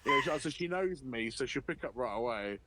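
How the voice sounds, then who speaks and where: A man streaming a game, telling a long anecdote in a profane, animated way and often laughing. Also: mid-range voice, brisk, very noisy. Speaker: livestreamer. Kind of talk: casual storytelling while gaming.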